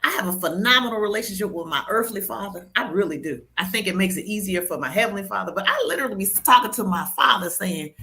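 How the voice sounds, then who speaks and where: A woman speaking emphatically on a church panel discussion, preacherly and animated. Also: medium pitch, quick pace, few pauses.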